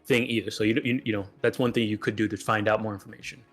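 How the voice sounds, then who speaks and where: A man running a tabletop role-playing game as game master, talking in a halting way with many restarts. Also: fairly low pitch, steady tone, a bit bright, faint music behind.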